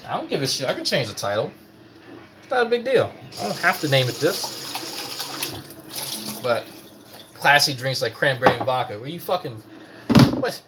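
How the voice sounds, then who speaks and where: A man rants in a casual, profane, mocking way. His pitch swings widely as he talks. Faint night insects and ambience sit behind him at home. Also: very animated, moderate pace, long pauses, noisy background. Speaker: commentary host. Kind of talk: casual ranting commentary.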